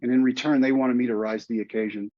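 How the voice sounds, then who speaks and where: A man's voice: mid-range voice, steady tone, quick pace, no room sound, muffled recording. A middle-aged man, a podcast guest, telling his story earnestly and repeating phrases for emphasis.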